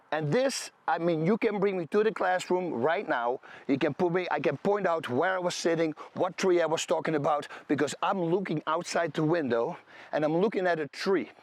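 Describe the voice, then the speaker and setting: A man's voice: fairly high pitch, dry recording. A man sharing his personal faith testimony to camera in an emphatic, conversational storytelling way. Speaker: video creator.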